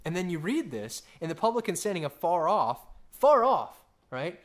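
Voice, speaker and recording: A thirty-something man preaches with a high voice, a sing-song lilt and a moderate pace. He's a pastor whose conversational sermon runs on stories and repeated "right?" check-ins.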